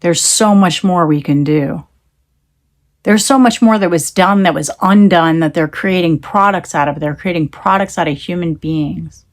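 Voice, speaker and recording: A woman's voice: on the low side, normal speed. A woman talking into her phone in a rambling, emphatic monologue, swearing when she gets heated. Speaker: tarot reader.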